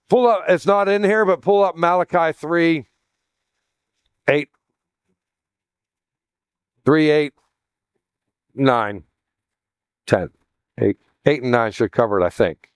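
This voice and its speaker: Conversational preacher man, fairly high voice. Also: takes it slowly, long pauses, clean tone, no echo, clean studio sound. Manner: conversational teaching, addresses listeners as "guys", many restarts. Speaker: pastor. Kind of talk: sermon.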